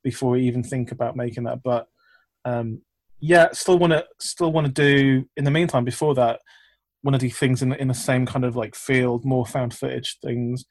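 A man's voice: mid-range voice, steady tone, moderate pace, dry recording. Guy rambling about his projects, lots of ums and restarts, dry close sound. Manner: rambling, many fillers and restarts. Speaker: filmmaker guest. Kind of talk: casual interview chat.

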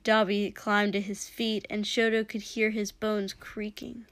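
A woman narrating a story aloud in a slow, measured way. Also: mid-range voice, flat delivery, no room sound. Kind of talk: reading fan fiction aloud.

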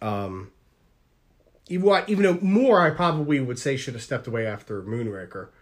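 A man's voice: mid-range voice, animated, normal speed. A man co-hosting a casual film podcast, asking questions and adding bits of trivia. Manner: asks questions, adds trivia. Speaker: podcast co-host. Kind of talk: casual chat.

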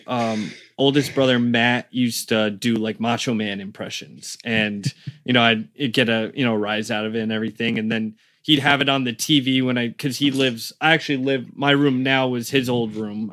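A man's voice: mid-range voice, a bit bright. A young man from Connecticut chatting casually as a podcast guest, rambling with lots of fillers. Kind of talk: casual chat.

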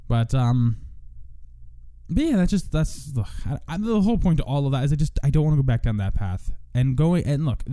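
A young podcast host with a fairly high, mellow voice delivers a solo rant. It's a profane, meandering monologue in which he keeps interrupting himself and starting over.

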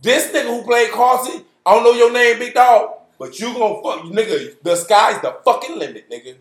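A man's voice: extremely high pitch, moderate pace. A man co-hosting a podcast in casual banter, talking in a profane, emphatic way and laughing often. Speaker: podcast co-host. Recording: roomy echo.

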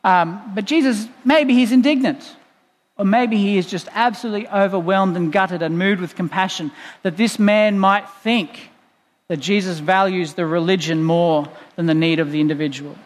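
A man's voice: high-pitched, moderate pace. A male pastor preaching a sermon in a church, explaining in a conversational way with playful asides. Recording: long reverb in a church hall.

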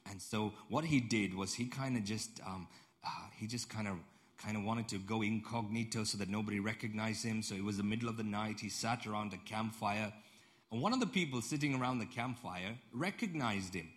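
A man's voice: fairly low pitch, fairly quick, a bit bright. A man preaching a sermon in a conversational storytelling way, repeating phrases and putting questions to the congregation. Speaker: pastor.

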